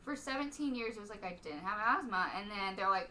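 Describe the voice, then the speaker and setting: Chatty, bright-voiced woman comic. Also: mid-range voice, animated, a little fast, recorded from a distance. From Stephenville, Texas. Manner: rambling, heavy use of "like", laughs often. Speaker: stand-up comic, podcast guest. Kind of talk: casual podcast chat.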